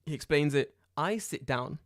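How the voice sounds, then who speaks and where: Profane, animated man telling a story. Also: a little high, normal speed, dry recording, studio quality. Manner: animated, profane, acts out dialogue loudly. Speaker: podcast co-host. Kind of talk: casual storytelling chat.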